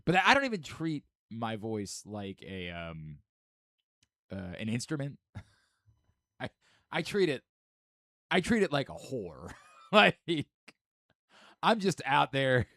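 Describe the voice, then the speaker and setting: Hoarse male radio host, lively. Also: medium pitch, slow, long pauses, no room sound, studio quality. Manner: self-mocking, repetitive joking. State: hoarse from singing at a concert. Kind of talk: casual sports radio banter.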